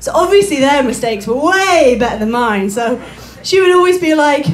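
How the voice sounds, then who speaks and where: Young woman doing stand-up at an open mic in a bar, high voice, chatty, self-mocking. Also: expressive, slight background noise. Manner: chatty, self-mocking, with quick asides and restarts. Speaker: stand-up comedian. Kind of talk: live stand-up comedy. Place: small comedy bar stage.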